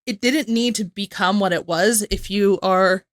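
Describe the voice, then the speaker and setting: A woman's voice: medium pitch, unhurried, no room sound, studio quality. A woman hosting a reaction video, chatting in a rambling way and laughing often. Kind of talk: casual reaction commentary.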